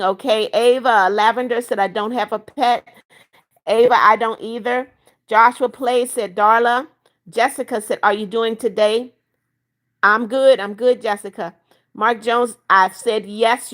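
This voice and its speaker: A woman's voice: on the high side, fairly bright tone. A woman of seventy-one hosting a livestream, reading out viewers' chat comments and answering each by name in a chatty way. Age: 70s. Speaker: livestream host.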